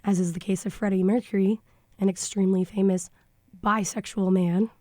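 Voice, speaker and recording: On a podcast, a young woman talks frankly and a bit snarkily, thinking aloud with fillers in a casual discussion. Her mid-range voice is steady, slightly mellow and at normal speed, captured dry on a studio microphone with studio quality.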